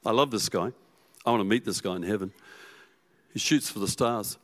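A man preaching a sermon as pastor, telling the story with animation and swinging from loud to hushed. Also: on the low side, moderate pace.

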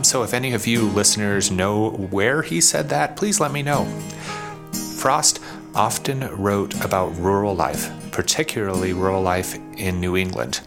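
Deep male voice, podcast host, scripted lesson, slows to sound out words, soft guitar behind.

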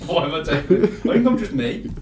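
A man co-hosting a casual podcast chat with a slow, teasing, playful manner. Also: on the high side, lively intonation. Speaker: podcast co-host. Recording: echoey, distant, noisy.

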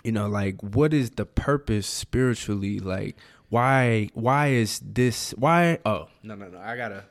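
Laid-back man with a low voice. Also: measured pace. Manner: rambling, full of "like" and restarts. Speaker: podcast co-host. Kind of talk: casual faith podcast chat.

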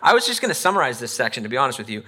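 A man's voice: mid-range voice, very animated, very fast, sharp tone. A man giving a conversational sermon as pastor, reading scripture aloud and acting out the people in the story. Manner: conversational preaching, acts out Bible figures and a parent; reads scripture aloud with emphasis.

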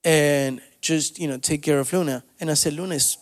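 A male pastor preaching a sermon, moving between soft storytelling asides and loud, rising exhortation. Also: on the high side, steady tone, normal speed, big-room sound. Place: church sanctuary.

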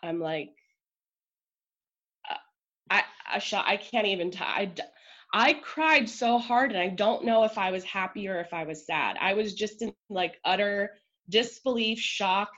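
A woman in the middle of her pitch range tells her own story as a podcast guest. She is emotional and talkative, with frequent "like"s and quick asides. The recording sounds a little dull and lo-fi. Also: a bit bright. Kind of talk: candid personal storytelling.

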